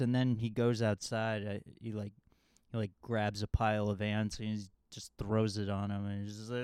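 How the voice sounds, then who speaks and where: A man's voice: lowish voice, level tone, normal speed, darkish tone, clear, resonant tone, no echo, clean studio sound. A man recapping a movie in a casual, rambling, jokey way with lots of fillers. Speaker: movie reviewer.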